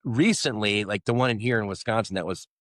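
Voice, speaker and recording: A middle-aged man talks in a loose, rambling podcast chat and pokes fun at himself. His voice sits fairly low. The sound is dry and close, with no room in it. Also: brisk, no echo. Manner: rambling, self-deprecating humor. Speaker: podcast co-host. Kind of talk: casual chat.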